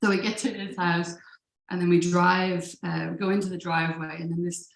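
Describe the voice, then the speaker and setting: A woman's voice: fairly low pitch, little pitch movement, moderate pace, vocal fry. A woman telling a personal story at a live event, in a casual, profane manner with frequent laughs. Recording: roomy live room echo.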